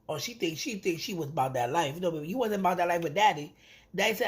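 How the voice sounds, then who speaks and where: A woman's voice: mid-range voice, animated, quick pace. Sassy, blunt woman reviewing reality TV. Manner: sassy, blunt, profane, mimics the people she talks about. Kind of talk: casual reaction review, animated retelling.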